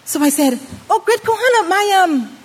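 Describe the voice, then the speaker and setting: A woman preaching a sermon with an acted-out story, dramatic, swinging between loud and hushed delivery. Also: very high voice, sing-song, normal speed. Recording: long reverb of a hall.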